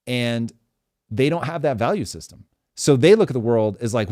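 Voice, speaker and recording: A man's voice: mid-range voice, fairly quick. A man in his forties hosting a talk show, speaking emphatically and swearing freely in casual chat. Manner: emphatic, profane, animated storytelling. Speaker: podcast host.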